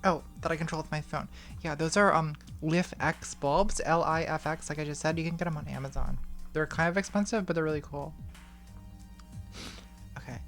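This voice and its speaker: A woman answering patron questions on a casual live stream in a candid, offhand way, reading questions aloud, speaking into a boom mic at home. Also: moderate pace, faint music behind. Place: home room with smart lighting.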